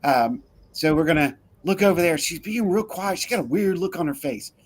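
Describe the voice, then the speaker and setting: A man's voice: a little high, lively intonation, moderate pace. A man hosting a casual online holiday chat, upbeat and playful, greeting guests by name over a video call. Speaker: host.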